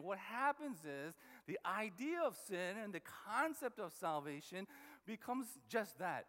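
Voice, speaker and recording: A man's voice: sits high, a bit bright. A man preaching a sermon as a pastor, conversational and full of restarts and repeated words. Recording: long hall reverb.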